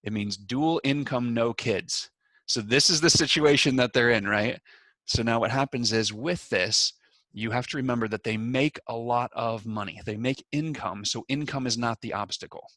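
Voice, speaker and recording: A man who is a financial planner, giving an energetic storytelling presentation on a video call. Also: mid-range voice, normal speed, dry recording. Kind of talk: webinar presentation.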